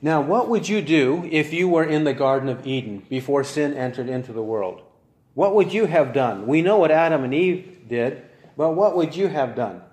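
Earnest preacher asking rhetorical questions. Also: male voice, on the high side, animated, normal speed, darkish tone, roomy sound. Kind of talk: sermon.

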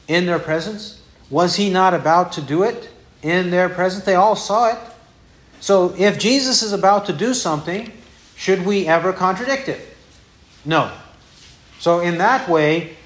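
A man preaching from the pulpit, his voice sitting a little high for a man. He keeps pressing his listeners with rhetorical questions. The room gives his voice a clear echo. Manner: asks the congregation rhetorical questions. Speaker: pastor. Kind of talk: expository sermon.

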